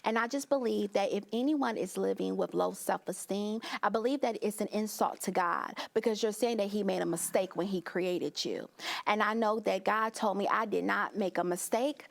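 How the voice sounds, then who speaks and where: A woman's voice: mid-range voice, normal speed, vocal fry. A woman guest sharing a fervent faith testimony in an interview, often repeating her phrases. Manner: fervent, repeats phrases, voice rises when recounting prayers. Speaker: guest, pageant winner and speaker.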